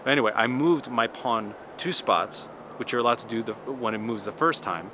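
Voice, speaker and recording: A man's voice: medium pitch, normal speed, noisy background. A man in his thirties telling a story in a casual, chatty vlog monologue, with lots of restarts and "like". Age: 30s. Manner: chatty, animated, many restarts and "like". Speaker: vlogger.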